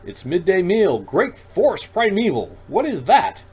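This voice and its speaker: A man's voice: high voice, measured pace, breathy edge, voice pushed up, exaggerated voice. A man voicing an eccentric old male alien shopkeeper who mutters to himself and rambles. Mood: startled. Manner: dithering, excitable, childlike. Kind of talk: audiobook character voice.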